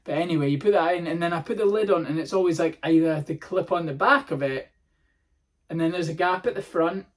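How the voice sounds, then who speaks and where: Hoarse comedian rambling. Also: male voice, fairly high pitch, brisk. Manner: rambling, animated, sweary. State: hoarse, sore throat. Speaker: comedian, podcast host. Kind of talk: casual comedic monologue.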